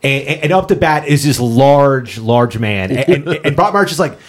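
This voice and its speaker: A man co-hosts a casual podcast, talking through shows and movies in an unhurried, medium-pitched voice. His speech is full of fillers and restarts.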